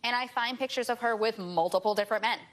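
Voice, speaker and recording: A woman in her twenties, a talk show guest, rushing through an emotional personal account and repeating herself as she pleads her case. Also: fairly high pitch, a bit bright.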